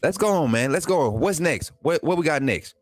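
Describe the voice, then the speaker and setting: A man's voice: a little high, moderate pace, no echo. Hyped up guy doing a sports livestream, talks right to the chat, says stuff over and over, dry close mic w faint music under it. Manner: excitable, hypes players, talks straight to viewers; repeats phrases, casual colloquial speech. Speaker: sports channel host. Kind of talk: casual livestream commentary reading chat.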